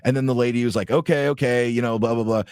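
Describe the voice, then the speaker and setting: A man's voice: medium pitch, level tone, very fast, darkish tone, smooth, no echo, clean studio sound. A man co-hosting a podcast, telling a story casually and animatedly, swearing freely and acting out what people said. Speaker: podcast co-host.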